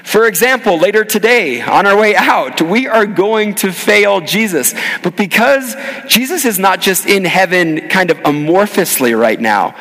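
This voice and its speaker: A male pastor giving a sermon, earnest and animated, telling a personal story. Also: sits high, measured pace, in a large hall, poor audio.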